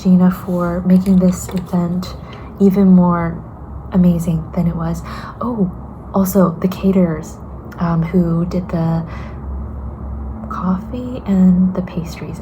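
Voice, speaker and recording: A woman vlogging in a casual, soft half-whisper, tired and a little hoarse, thanking viewers and friends. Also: on the low side, background noise. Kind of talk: casual vlog talk to camera.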